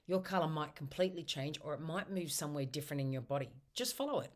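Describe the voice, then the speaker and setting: Very low-voiced woman teaching tapping. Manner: gentle, repeats tapping phrases slowly. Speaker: tapping practitioner. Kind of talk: guided self-help instruction.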